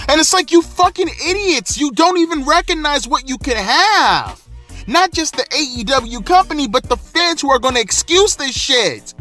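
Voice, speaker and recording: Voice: sits high, sharp tone. A wrestling vlogger in an angry, profane, exasperated rant, delivering heated commentary. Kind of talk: ranting commentary.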